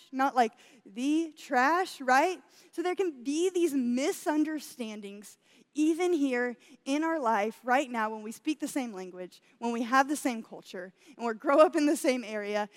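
A woman's voice: high voice, long reverb tail. A young woman giving a chatty sermon with a personal story, laughing often and saying "y'all" as she speaks to her congregation. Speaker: church speaker.

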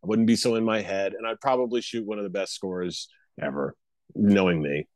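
A man talking as a comedian guest on a podcast, telling animated stories and laughing often. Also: on the low side, a little fast, no room sound. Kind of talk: casual interview chat.

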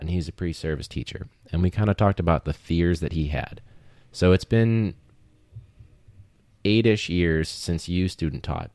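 Super deep voice guy hosting a chatty podcast, rambly, lots of likes, dry close sound. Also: darkish tone, no echo. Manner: rambling, filler-heavy, laughs often. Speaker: podcast host, teacher. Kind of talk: casual podcast chat.

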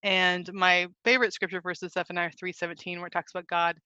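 A woman guest speaking earnestly and warmly about her faith in a casual podcast chat, often saying "like". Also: on the low side, little pitch movement, fast talker, smooth, no echo, highs cut off. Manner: earnest, heartfelt, says "like" often. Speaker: guest author.

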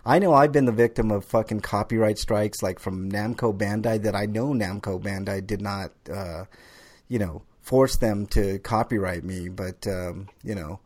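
A man's voice: on the low side, moderate pace, a little mellow. A man hosting a casual gaming podcast, loose and joking, swearing freely and laughing often. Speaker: podcast host.

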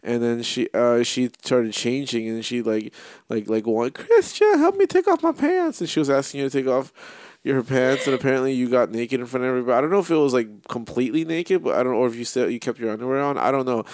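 A man's voice: medium pitch, fairly even intonation, fast talker, darkish tone, no echo. Teasing, rambling young male co-host. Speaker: podcast co-host. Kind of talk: casual podcast banter.

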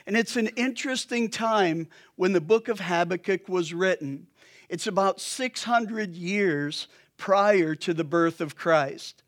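Male pastor preaching; talks to the congregation conversationally, unhurried and light. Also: high voice, a bit bright. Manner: conversational, joking asides to the congregation. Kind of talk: sermon.

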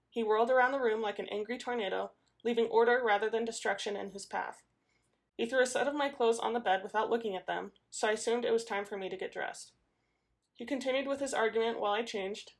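A woman narrating a first-person novel in an expressive reading voice. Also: on the high side. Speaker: audiobook narrator.

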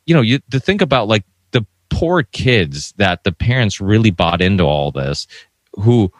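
A man's voice: on the low side, big pitch swings, moderate pace, no echo. A man co-hosting a podcast, ranting heatedly and swearing freely, with lots of restarts as he gets worked up. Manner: talks in run-on restarts. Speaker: podcast co-host. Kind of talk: casual podcast discussion.

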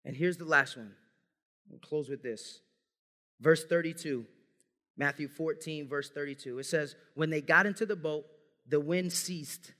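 A man's voice: fairly high pitch, unhurried, bright, forceful tone. A man preaching an earnest sermon as pastor, speaking to his congregation as family. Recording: long hall reverb.

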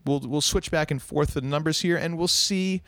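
A man's voice: a little high, normal speed, a bit bright, no room sound. A man co-hosting a casual podcast, joking and rambling through asides with lots of energy. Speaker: podcast co-host.

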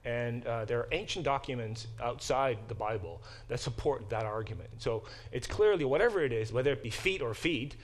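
A man's voice: mid-range voice, a little fast, few pauses. A man teaching a Bible class in a conversational lecture style, often acting out quoted speech and restarting his sentences. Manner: animated, acts out quoted speech.

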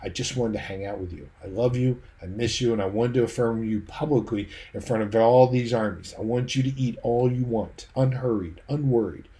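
A man's voice: medium pitch, normal speed, hardly any pauses, lightly acted. A man voicing a loving, reassuring king. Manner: gentle, reassuring. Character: loving generous male king.

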